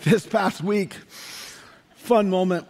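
A man in his forties preaching a sermon, telling stories with animated energy and rising to shouts for emphasis. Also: sits high, slow, gravelly. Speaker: pastor.

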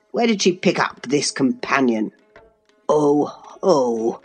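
A woman's voice: low-pitched, full character voice. A woman reading aloud, voicing a pompous, self-righteous old male magistrate.

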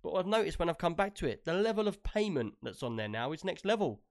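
A man's voice: a little high, very animated, fast talker. A man hosting a gaming podcast, chatty and rambling, often laughing. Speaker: podcast host. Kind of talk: casual gaming podcast chat.

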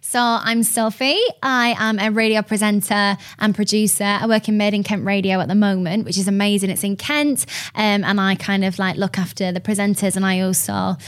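A young woman with a Lancashire accent, chatting as a guest on a podcast. She is chatty and bubbly and laughs easily. Her pitch sits in the middle of the usual range for a woman. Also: little pitch movement, a little fast, hardly any pauses. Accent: Lancashire English. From Lancashire, England. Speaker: guest, radio presenter. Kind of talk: casual podcast chat.

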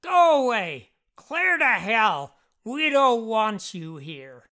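The narrator voicing a rude, boastful talking mongoose spirit who screams insults in a high, shrill voice. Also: big pitch swings, takes it slowly, pushed and bright, full character voice. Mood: shrieking insults.

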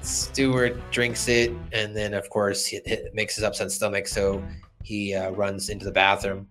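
A man co-hosting a casual podcast, retelling cartoon scenes and jumping into high put-on character voices. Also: flat delivery, a little slow, a bit bright, soft background music. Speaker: podcast co-host.

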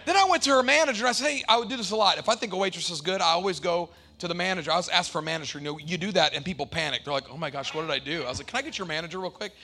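A middle-aged male pastor preaching a sermon, moving from shouted, sing-song climaxes to relaxed, chatty storytelling with acted-out quotes. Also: high-pitched, rapid-fire, hardly any pauses.

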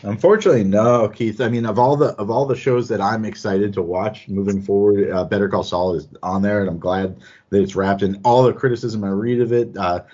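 A man's voice: fairly low pitch, fairly even intonation, fairly quick, dark tone, husky. A man chatting casually as a podcast panelist, rambling and correcting himself, with frequent chuckles. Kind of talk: casual chat. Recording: dull lo-fi audio.

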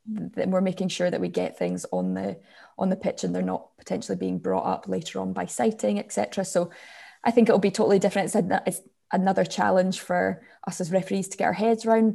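A woman rugby referee answering interview questions in a thoughtful, measured way with fillers. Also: medium pitch, creaky, dark tone.

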